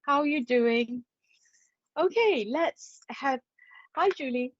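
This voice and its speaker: A woman hosting a psychic live stream, chatty and playful as she greets viewers. She talks slowly in a fairly high voice. The sound is dull and lo-fi, with a dry, close feel. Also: animated, no room sound. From England. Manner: chatty and playful, laughs often. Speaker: psychic medium and spirit artist.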